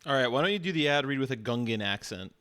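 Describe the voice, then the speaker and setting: Teasing male streamer, deadpan. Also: medium pitch, quick pace, clean tone. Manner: teasing, deadpan, stammering restarts. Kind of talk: casual stream banter.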